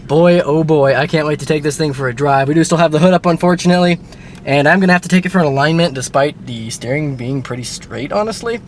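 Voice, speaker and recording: Man, slightly high voice, wry and chatty, self-filming a car repair, light outdoor hum behind. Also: quick pace. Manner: chatty and wry, with mild grumbling. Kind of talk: casual self-filmed car vlog. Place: outdoors by a car, then inside it driving. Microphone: handheld camera mic.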